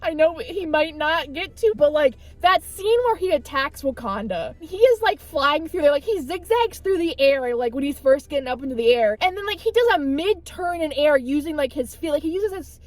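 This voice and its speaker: A young woman with a high voice reviews a film in a casual, gushing way. She talks excitedly and fills her sentences with "like". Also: moderate pace, few pauses. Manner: gushing, excitable, lots of fillers. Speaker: movie reviewer.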